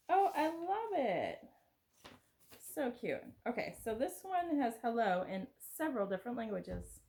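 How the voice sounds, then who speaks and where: A woman's voice: a little high, darkish tone, a little hiss or hum. A woman vlogger chatting casually to camera while opening gifts, gushing and exclamatory.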